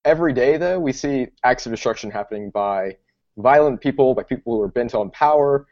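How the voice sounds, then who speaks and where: Quick-talking man, podcast co-host. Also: medium pitch, animated, a little mellow, highs cut off. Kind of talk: casual podcast discussion.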